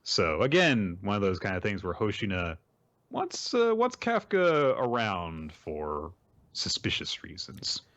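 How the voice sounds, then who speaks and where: His fairly low voice moves a little slowly as he co-hosts a podcast, chatting animatedly and rambling through a manga recap packed with fillers. The recording is dull.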